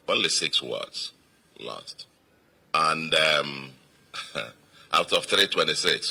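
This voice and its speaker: A man's voice: low-pitched, bright, forceful tone, husky. A man with a Nigerian accent, a state governor giving an emphatic victory speech to supporters and repeating phrases for weight.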